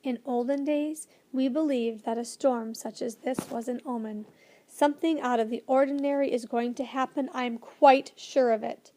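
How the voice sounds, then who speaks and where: A woman voicing a loyal male royal adviser in a storybook, speaking with restrained excitement in a measured way. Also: sits high, natural voice. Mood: ominous.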